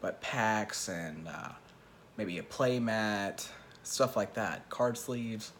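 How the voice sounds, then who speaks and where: A young man telling a story in a casual vlog, stammering through restarts and poking fun at himself, swinging between loud bursts and hushed asides. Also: lowish voice, takes it slowly, a little hiss or hum. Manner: stammering restarts, self-mocking boasts. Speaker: vlogger telling a Magic card game story.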